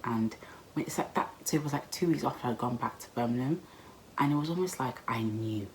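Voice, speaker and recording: A woman in her twenties telling a personal story in a chatty, expressive vlog style, full of slang. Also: rumbling low, a little fast, slight background noise, rough recording. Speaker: vlogger.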